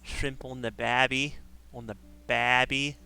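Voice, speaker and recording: Hammy Australian bloke with a terrible fake accent, put on by a male streamer; medium pitch. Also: little pitch movement, slow, gravelly, sharp tone, smooth, heavily acted. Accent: deliberately bad put-on Australian. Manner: hammy, over-the-top stock phrases. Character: exaggerated Australian bloke, grown man, hammy.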